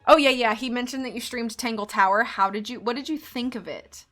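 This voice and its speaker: A woman's voice: on the high side, fairly quick, pushed and bright, soft background music. A woman streamer reading a book aloud live and chatting in giggly, rambling asides.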